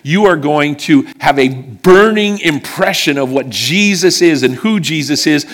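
This sermon comes from a middle-aged western Pennsylvania man whose voice is fairly high, expressive, and a bit bright, with a slightly slow pace. He tells a personal story in a chatty way, checking in with the congregation throughout.

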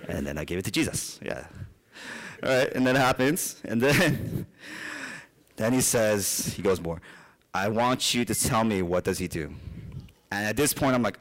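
Male preacher, young adult, lowish voice; conversational sermon, animated personal anecdotes. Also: moderate pace, long pauses. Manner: conversational, animated storytelling with asides.

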